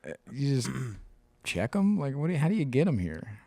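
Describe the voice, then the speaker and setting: A man's voice: medium pitch, big pitch swings, normal speed, warm tone, no echo. A man co-hosting a podcast in casual chat, telling stories animatedly, mimicking other people and swearing freely. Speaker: podcast co-host.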